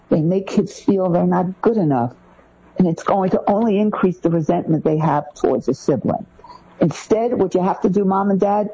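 A woman co-hosting a podcast, giving parenting advice point by point in an animated way. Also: on the low side, slightly rough. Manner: animated, lists points one by one. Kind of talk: podcast discussion. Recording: dull lo-fi sound.

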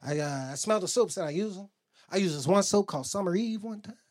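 A man doing a stand-up comedy set, telling brash, profane stories and acting out loud exchanges. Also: sits high, lively intonation, fast talker. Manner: brash, profane storytelling with loud character bits. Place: comedy club stage.

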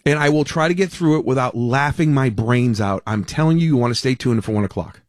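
A male radio talk show host, excitable and teasing, talking in quick bursts with restarts. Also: medium pitch, no echo, studio quality. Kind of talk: animated talk radio monologue.

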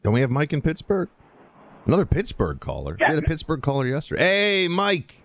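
A man's voice: mid-range voice, wildly swooping pitch, fast. A man hosting a talk radio show, chatting casually with callers and stumbling through restarts and "uh" fillers. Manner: conversational, restarts, many "uh" fillers.

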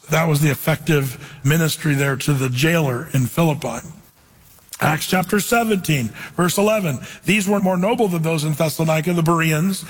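A man's voice: a little high, slightly rough, in a large hall, poor audio. A man preaching an expository sermon as a pastor, reading scripture aloud and urging his listeners with earnest emphasis.

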